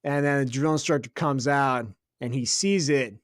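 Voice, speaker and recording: A man's voice: medium pitch, dry recording, clean studio sound. Profane, laughing male podcast host. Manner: profane, laughing storyteller doing quick voices of others. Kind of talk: casual storytelling chat.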